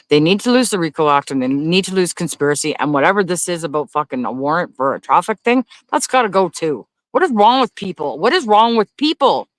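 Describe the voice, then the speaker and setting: A man hosting a casual livestream, reading viewer comments aloud. He talks in a blunt, profane rant and breaks into loud, high-pitched disbelief. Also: no echo. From Canada. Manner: loudly incredulous, rises to high exclaims. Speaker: livestream host.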